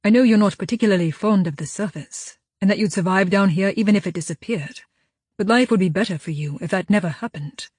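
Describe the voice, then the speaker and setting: A woman voicing a firm, steady man who leads the group and bargains calmly. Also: medium pitch, slightly rough, dry recording, clean studio sound, natural voice. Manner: firm, measured.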